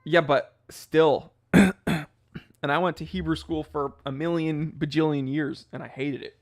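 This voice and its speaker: Casual American male streamer, slightly higher voice, chatty, breaks into goofy impressions. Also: measured pace. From United States. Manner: chatty and animated, jumps into goofy impressions of people. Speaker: watch channel host reading live chat. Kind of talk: casual livestream chat.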